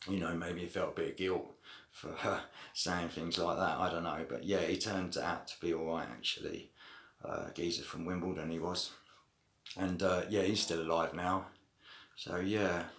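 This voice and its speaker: A vlogger tells a prison story to camera in a low, a bit bright voice with fairly even intonation at a moderate pace. He rambles casually, using lots of slang, swearing and frequent "you know what I mean" fillers. There is a roomy echo.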